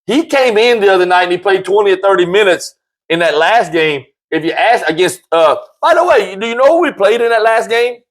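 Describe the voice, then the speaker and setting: Speaking a little fast, this man fronts a laid-back sports talk show with lively, jokey energy. He tends to say things more than once, and excitement sends his voice leaping upward.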